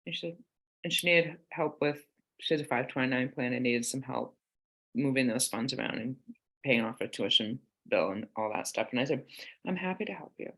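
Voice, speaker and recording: A woman's voice: extremely low pitch, moderate pace, fairly bright tone. A woman in her forties, a guest author in a casual podcast conversation, telling candid family stories and acting out the quoted lines. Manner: candid storyteller, acts out quoted dialogue.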